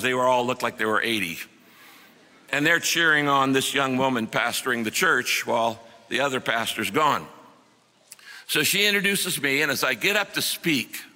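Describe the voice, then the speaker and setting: A man's voice: mid-range voice, bright, forceful tone, in a large hall. A middle-aged man preaching a sermon, telling a story earnestly and acting out the quotes.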